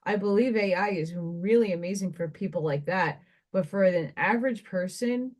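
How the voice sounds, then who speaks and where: A woman's voice: mid-range voice, moderate pace, a little mellow. Woman musing in a rambling spiritual monologue. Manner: meandering, conversational, thinking aloud with asides. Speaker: spiritual oracle card reader.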